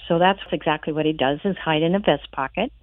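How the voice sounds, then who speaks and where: A woman author with a low voice speaks over a tinny telephone line in a radio interview. She reads aloud and chats in a friendly way, laughing easily, and the sound is dry. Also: fast talker, no room sound. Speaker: children's author and guest.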